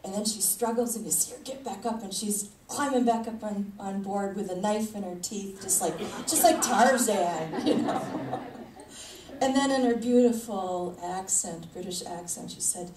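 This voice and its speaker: A woman's voice: mid-range voice, moderate pace, hardly any pauses, mellow. A woman spiritual leader giving a conversational sermon, chuckling often as she talks. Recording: echoey hall, mic at a distance, faint noise.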